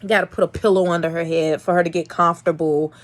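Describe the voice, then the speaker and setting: A young woman who breeds dogs tells a casual vlog story in an animated, exasperated way, her volume swinging between loud and soft. Her voice is on the low side and she talks quickly.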